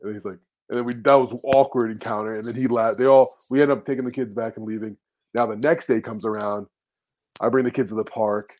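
Fast-talking man telling stories. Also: mid-range voice, fairly even intonation, a little mellow. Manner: rambling, profane, acts out quotes. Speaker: podcast host. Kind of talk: casual storytelling chat.

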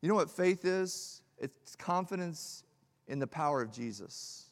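A man's voice: lively intonation, unhurried. Preaching man in a reverberant hall. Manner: dynamic preaching, swinging from loud emphatic peaks to hushed low lines. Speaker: pastor. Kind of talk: sermon. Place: church hall.

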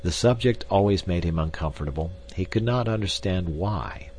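A man narrating a classic novel as an audiobook, with an expressive, varied reading. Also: low voice, moderate pace, a little hiss or hum.

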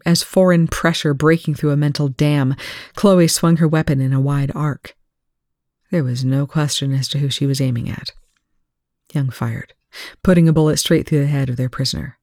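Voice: mid-range voice, a little mellow, dry recording. Dry-sounding reader narrating fiction. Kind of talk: proofreading read-aloud of fiction.

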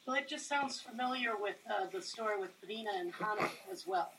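A woman's voice: on the high side, expressive, brisk, crowd noise, poor audio. A woman in a class offering a tentative remark to the teacher. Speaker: class participant.

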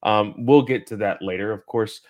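A man's voice: lowish voice, moderate pace, darkish tone. A man hosting a podcast in casual chat, rambling with lots of ums and uhs. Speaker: podcast host.

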